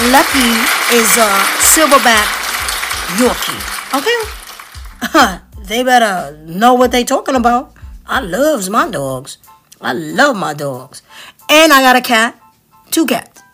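Lively, bright-voiced woman with sassy asides. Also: mid-range voice. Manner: chatty and playful, sassy asides, stumbles over breed names. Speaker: pet vlogger. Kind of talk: casual chat reading dog breeds aloud.

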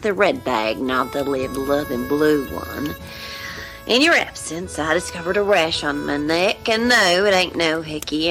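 A woman's voice: on the low side, low-quality recording. A woman playing the wife of a trucker from the South, reading a letter back in a folksy drawl, in a comedy sketch. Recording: mixed with loud music.

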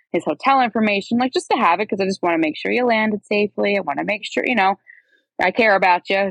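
Low-voiced woman telling a candid story. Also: no echo. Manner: animated, acts out quoted dialogue. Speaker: guest telling her story.

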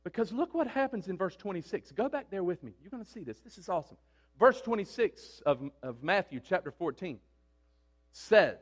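A man's voice: high voice, very animated, a little fast. A man preaching a sermon in an emphatic, conversational way, often asking his listeners questions.

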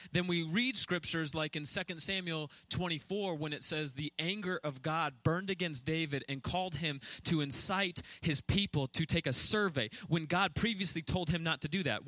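Bright, fast-preaching male pastor. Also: high-pitched, no room sound. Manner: fast, intense preaching with rhetorical questions. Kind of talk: sermon.

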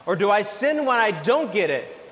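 A man preaching a sermon, telling a lively everyday story, then dropping to soft, low lines. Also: moderate pace, in a large hall. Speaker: pastor.

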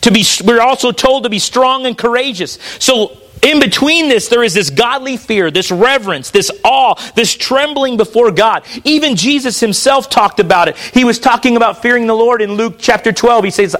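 High-voiced preacher reading scripture. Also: male voice, normal speed, fairly bright tone. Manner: reads scripture aloud with emphasis. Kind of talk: sermon.

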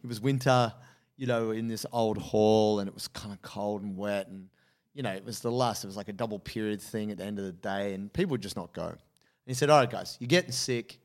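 A man, co-hosting a podcast in casual chat and telling an animated story, acting out the voices of the people in it. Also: lowish voice, fairly quick. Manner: animated storyteller, acts out quoted dialogue. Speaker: podcast co-host.

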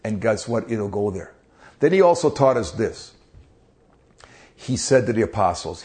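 A man's voice: on the low side, sing-song, a little slow, pauses often, a little mellow. A man preaching in a conversational devotional style, earnest, asking rhetorical questions and often repeating words as he goes.

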